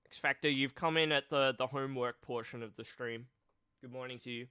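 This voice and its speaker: A male streamer with a nasal, cold-stuffed voice, chatting slowly and thoughtfully on a casual live stream. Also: medium pitch, fairly even intonation, pushed and bright, clear, resonant tone, dry recording, studio quality. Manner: slow, thoughtful, reads chat aloud. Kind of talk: casual live-stream chat about card games.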